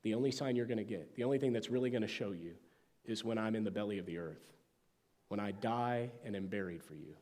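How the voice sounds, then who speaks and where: A man preaching a sermon as pastor, with emphatic phrasing that sometimes drops to a soft, hushed tone. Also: lowish voice, fast. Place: church sanctuary. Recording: long church reverb.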